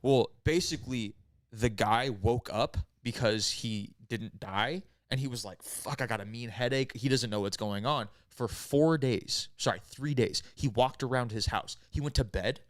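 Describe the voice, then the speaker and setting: A man's voice: medium pitch, a little slow, no room sound, clean studio sound. A man casually telling a grim story to friends on a podcast, rambling and profane, with many "right?"s and "like"s. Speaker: podcast host.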